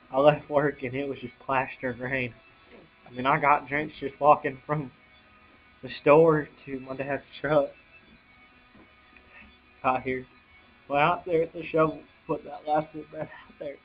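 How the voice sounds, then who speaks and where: Young man, tearful vlog confession, slightly high voice, halting with sighs, muffled lo-fi audio. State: choked up, on the edge of tears. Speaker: vlogger. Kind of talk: emotional personal account. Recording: dull lo-fi home video audio.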